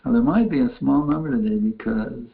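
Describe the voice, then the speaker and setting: Here a man who works as a spiritual teacher responds to chat-window questions, his medium-pitched voice brisk and creaky. He talks in a homespun, repetitive style, frequently starting phrases over. The line is thin and phone-like, with room echo.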